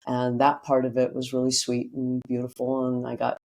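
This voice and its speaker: Animated middle-aged woman telling a story. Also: very deep voice, normal speed. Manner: animated, acts out quotes, casual swearing. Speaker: guest, breathwork teacher. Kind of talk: personal storytelling in a podcast interview.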